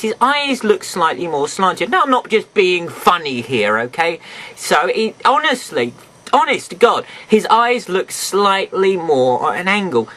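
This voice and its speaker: High, lively man rambling through a toy review. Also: a little hiss or hum, low-quality recording. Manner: rambling, chatty, addresses viewers directly. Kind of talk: casual toy review to camera. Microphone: camera mic, sometimes off camera.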